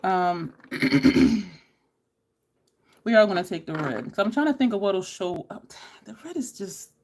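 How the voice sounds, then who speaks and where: Middle-aged woman, animated pitch, casual storyteller on a makeup vlog. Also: a little slow. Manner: chatty, storytelling, addresses viewers as y'all. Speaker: beauty YouTuber. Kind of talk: casual makeup chat with stories.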